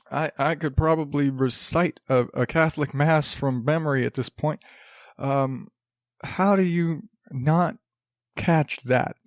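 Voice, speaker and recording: A man in a home studio hosts his podcast at an unhurried, drawn-out pace. His delivery is sarcastic and rambling, full of restarts and little laughs. The sound is close and dry, with no room around it. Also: on the high side, no echo. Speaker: podcast host. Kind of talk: casual solo podcast monologue. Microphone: studio podcast mic.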